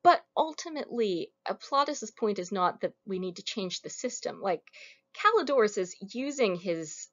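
A woman's voice: medium pitch, lively intonation, normal speed. Wry woman lecturing, muffled recording. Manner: casual, wry and conversational. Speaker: lecturer on Roman comedy.

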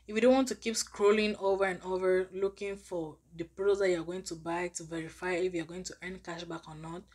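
A woman giving a step-by-step tutorial on a cashback app for her vlog, explaining plainly. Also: medium pitch. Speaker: finance app reviewer.

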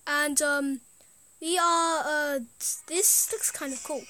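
High, bright-voiced woman chatting. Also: steady tone, slow pace, soft background music. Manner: rambling, easily amused, trails off. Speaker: gaming video host. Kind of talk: casual gameplay commentary.

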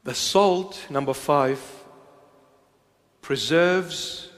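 Preaching bishop, man, high-pitched and unhurried, emphatic repetition, hushed to raised, long church reverb. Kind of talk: sermon.

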